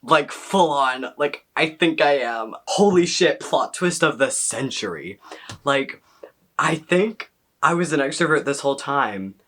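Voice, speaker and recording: A young man chatting casually to camera as a vlogger, excitable and rambling, full of "like" and questions to himself. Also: medium pitch, a little slow.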